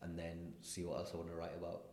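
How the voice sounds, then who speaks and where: A man, a stand-up comedian, chatting casually in an interview and acting out people in his anecdotes with animated delivery. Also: low-pitched, fast, echoey room.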